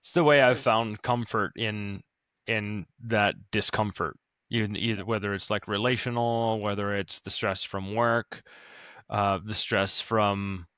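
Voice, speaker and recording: A man on a casual podcast chat who speaks in a reflective, measured way. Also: fairly low pitch, steady tone, a bit bright, clean tone, no room sound. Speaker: podcast co-host.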